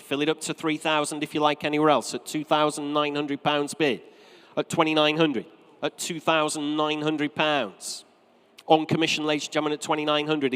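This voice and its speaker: A man with a North East English accent calls a live auction from the rostrum, his voice sitting a little high for a man. He rattles through bids in brisk, repetitive patter and drops in joking asides. The sound carries the long reverb of a big sale room. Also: fairly bright tone, clean tone. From North East England.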